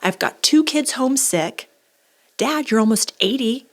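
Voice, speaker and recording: A woman in her forties co-hosting a casual podcast conversation, an animated storyteller who acts out the people she quotes. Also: on the high side, a little slow. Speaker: podcast co-host.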